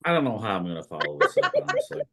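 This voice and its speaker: A man's voice: fairly low pitch, huge pitch swings, racing, pushed and bright. A man thinking aloud in a casual podcast discussion, musing with many fillers. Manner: thoughtful and musing, full of fillers. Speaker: podcast co-host.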